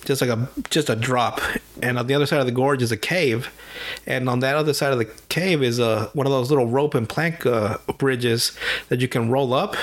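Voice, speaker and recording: A man with a medium-pitched voice hosts a podcast and recaps a cartoon's plot in casual, profane chat. He's an animated storyteller, dropping in quick impressions, character voices and laughs.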